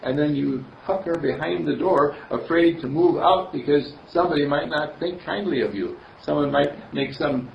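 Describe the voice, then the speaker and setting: A man's voice: on the high side, normal speed, creaky, few pauses, slight background noise. A man giving a spiritual sermon in a rambling, chuckling, storytelling manner. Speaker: minister. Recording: distant roomy dull recording.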